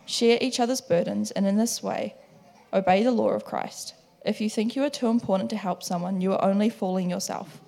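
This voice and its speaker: Brief: New woman, church scripture reader, a touch of gravel in the voice. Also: medium pitch, steady tone, brisk, dark tone. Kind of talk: Bible reading.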